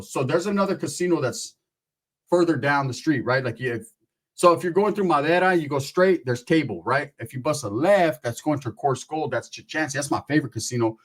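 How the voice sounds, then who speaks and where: Husky profane male storyteller. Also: fairly high pitch, brisk. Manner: profane, animated, keeps asking "right?". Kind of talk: comedic profane anecdote.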